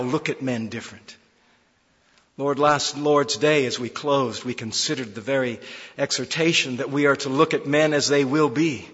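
A man preaching a sermon as pastor, repeating words for emphasis and swinging from loud, pressing lines down to soft, quiet ones. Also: medium pitch, breathy edge. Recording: muffled recording with long hall reverb.

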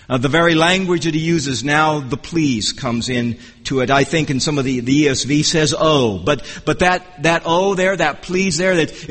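A man with a notably high voice delivers an expository sermon, earnest and measured, circling back to restart his phrases as he teaches. His words ring out with a long reverb, as from a church sanctuary. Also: a bit bright. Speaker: preacher.

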